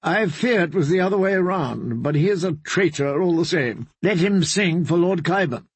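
A man's voice: sits high, expressive, normal speed, slightly rough, no echo, voice pushed up, full character voice. A man voicing a cold, imperious queen who gives clipped commands.

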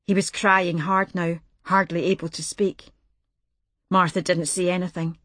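A woman narrating a novel in an even, measured reading voice. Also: on the low side, no echo. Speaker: audiobook narrator. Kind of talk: scripted narration.

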